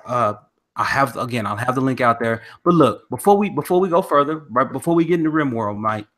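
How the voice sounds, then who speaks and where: A man's voice: medium pitch, animated, a little fast, fairly bright tone. A man from the American South hosting a podcast, talking earnestly with many restarts over a remote call. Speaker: podcast host. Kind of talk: casual podcast chat.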